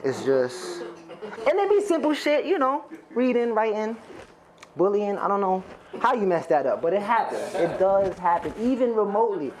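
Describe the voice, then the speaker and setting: This stand-up comic speaks in a high, sing-song voice at an ordinary pace. Addressing the live crowd straight from the stage, he rambles along in a profane, conversational style.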